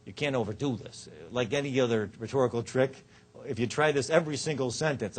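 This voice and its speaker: Man lecturing with lively joking delivery. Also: a little hiss or hum. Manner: lively, joking, quick shifts of pitch and loudness. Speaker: law professor. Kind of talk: lecture on rhetoric. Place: lecture hall.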